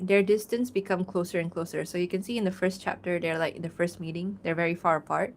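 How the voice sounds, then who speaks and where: A woman's voice: lowish voice, fast talker, few pauses. Chatty young woman. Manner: rambling, chatty, many "like" fillers, laughs often. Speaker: artist streaming a drawing Q&A. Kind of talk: casual livestream chat while drawing.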